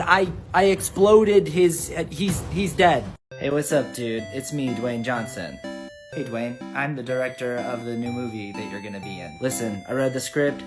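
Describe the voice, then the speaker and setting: Rambling, animated male comedian. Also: mid-range voice. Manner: animated, rambling, deadpan absurd. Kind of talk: comedy sketch performance.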